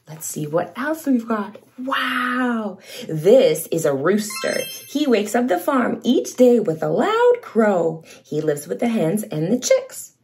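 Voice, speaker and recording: A woman's voice: medium pitch, sing-song, a little mellow. Sing-song woman reading to toddlers. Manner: slow, sing-song, exaggerated for toddlers, imitates animal sounds. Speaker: children's show host. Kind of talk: toddler read-along lesson.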